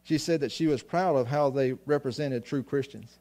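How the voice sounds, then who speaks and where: A man's voice: mid-range voice, moderate pace, warm tone. A man preaching a sermon to his congregation, often restarting phrases and asking them questions. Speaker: pastor.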